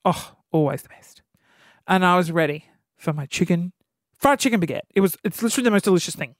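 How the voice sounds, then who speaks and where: A man's voice: sits high, fast, no echo, clean studio sound. A man in his thirties, hosting a podcast and telling exasperated, comedic stories about what annoys him. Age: 30s. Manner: exasperated, animated storytelling. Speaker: podcast host. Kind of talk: comedic rant.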